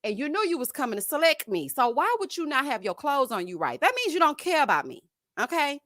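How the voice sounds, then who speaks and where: A woman hosting a live stream, giving sassy, animated commentary and calling her viewers "honey" and "child". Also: sits high, brisk, no room sound. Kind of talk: casual reality-show commentary.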